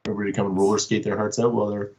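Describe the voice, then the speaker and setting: A man's voice: fairly low pitch, level tone, very fast, darkish tone. A man in a band, guesting on a casual podcast, joking and teasing with the hosts. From Canada. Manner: joking, teasing, laughs often. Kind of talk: casual chat.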